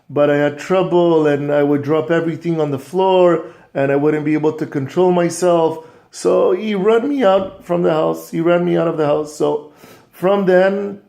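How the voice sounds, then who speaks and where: A worn-out old grandfather tells his hardship in a weary, resigned voice, as a male storyteller puts him on. The voice is gravelly and dark. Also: fairly high pitch. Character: poor old grandfather begging on the street.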